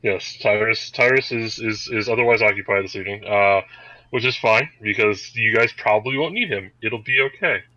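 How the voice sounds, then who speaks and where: A man's voice: fairly low pitch, moderate pace, sharp tone, dry recording, highs cut off. A man running an online tabletop game as game master, talking in a wry, joking way over a computer mic on a voice call.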